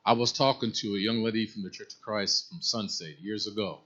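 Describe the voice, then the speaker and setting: A man's voice: fairly low pitch, fairly quick, a bit bright, highs cut off. A man teaching a Bible study class. He tells folksy stories and asks the class questions.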